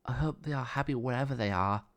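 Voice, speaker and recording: A man voicing a gentle, kind-hearted young woman in a storybook reading, with a soft, raised voice. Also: medium pitch, quick pace, natural voice. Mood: tender.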